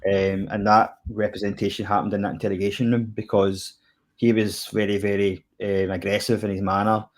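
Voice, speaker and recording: A man's voice: fairly low pitch, little pitch movement, a little fast. A Scottish man co-hosting a chat about a TV episode, talking loosely with lots of fillers. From Scotland. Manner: rambling, filler-heavy, lots of "kinda" and "like". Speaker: podcast co-host reviewing TV. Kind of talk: casual chat.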